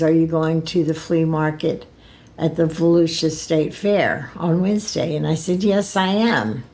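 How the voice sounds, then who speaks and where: An older woman tells a personal story to her camera in a slow, drawn-out way. Her voice sits a little low, and she rambles, restarting and circling back as her feelings rise. The talk is unscripted and emotional. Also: a little mellow. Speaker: vlogger.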